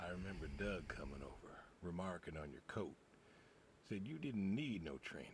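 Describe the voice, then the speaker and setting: An old farmer saying goodbye, halting, very low voice, rural drawl, hissy game audio. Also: male voice, very animated. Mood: wistful. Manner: halting, regretful, soft-spoken. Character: grieving older farmer saying goodbye to his dog. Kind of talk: video game voice acting.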